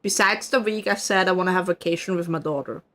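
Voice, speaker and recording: A woman's voice: on the low side, fast talker, fairly bright tone. A young adult woman from Switzerland with a Swiss German accent, chatting casually on stream, laughing often and swearing freely. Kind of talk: casual chat.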